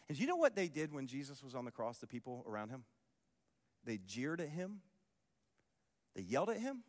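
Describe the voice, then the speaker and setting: A man preaching a sermon as a pastor, passionate, swinging between loud declarations and hushed asides. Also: medium pitch, very animated, a little fast, pauses often. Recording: long hall reverb.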